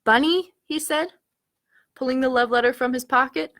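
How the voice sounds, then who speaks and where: A woman, a children's librarian, reading picture books aloud to children with an animated, questioning storytime manner. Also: high voice, moderate pace. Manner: animated, asks listeners questions, gasps at the story.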